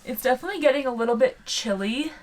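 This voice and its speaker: A woman's voice: high-pitched, lively intonation, quick pace, darkish tone. Young woman host, chatty and explanatory, vlogging inside a small camper. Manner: chatty, explains what she is doing. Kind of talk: casual chat.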